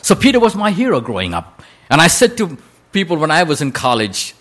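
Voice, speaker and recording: Male preacher, storytelling sermon, animated pitch, dramatic pauses. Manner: dramatic, swooping delivery with drawn-out quotes.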